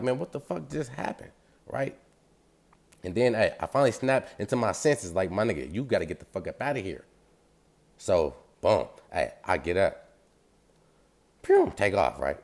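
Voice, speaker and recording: A deep-voiced man recounts a story in loose, slangy street talk. He is animated and acts out the sounds as he goes, and his low voice carries the whole tale. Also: a little fast.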